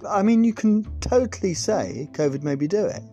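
A man's voice: high voice, animated, moderate pace, warm tone, highs cut off, soft background music. A man hosting a podcast, delivering a sarcastic, sweary comic monologue on politics, full of rambling asides. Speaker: podcast host.

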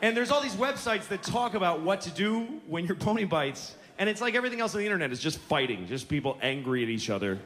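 Very animated and fast with few pauses, the man's high, slightly bright voice drives an exasperated, profane stand-up routine. He's a comedian in his forties performing live on a theater stage before an audience, with room noise audible.

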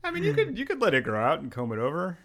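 Animated man chatting with lively pitch. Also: very fast. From Pennsylvania. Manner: animated, ranting, laughs often. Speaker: podcast host. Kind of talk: casual chat. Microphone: headphones on, video call.

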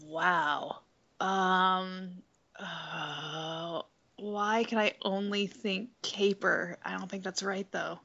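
A woman's voice: fairly low pitch, fairly even intonation, drawn-out words, vocal fry, sharp tone. A woman on a casual podcast quiz, self-deprecating and apologetic, laughing between answers. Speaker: podcast co-host. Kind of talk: casual chat. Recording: dull lo-fi audio.

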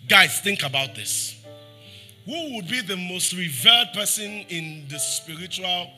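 A man's voice: lively intonation, a little slow, faint music behind. A Nigerian man preaching a sermon as pastor, throwing rhetorical questions at the congregation and acting out scripture quotes. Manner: acts out scripture quotes, dropping soft and low for pleading lines.

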